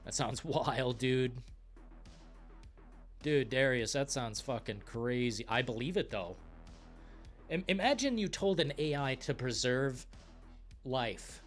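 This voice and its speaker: A young man hosting a gaming live stream, chatting casually and reading viewer comments in an excitable, profane, rambling way. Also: mid-range voice, slow, pauses often, faint music behind.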